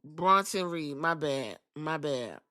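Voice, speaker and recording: A woman's voice: sits low, animated, slow pace, sharp tone. A woman hosting a podcast, giving a casual wrestling recap in a blunt, profane, sassy way. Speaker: podcast host.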